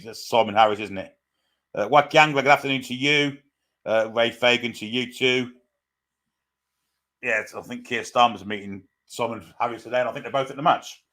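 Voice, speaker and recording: A man's voice: medium pitch, sharp tone. A man hosting a live stream, chatting through a football match as it unfolds. He greets viewers one by one and reads out their comments in an easy, casual way.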